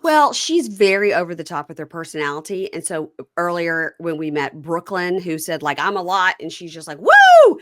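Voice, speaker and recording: A middle-aged woman hosting a casual podcast chat, retelling a reality show scene by scene and acting out the quotes in a higher voice. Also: expressive, normal speed, few pauses, a bit bright, no echo, studio quality. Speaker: podcast host.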